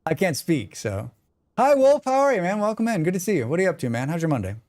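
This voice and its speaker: A man chatting casually on a gaming livestream, excitable and swearing freely while he talks to his viewers. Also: high voice, fast, no echo.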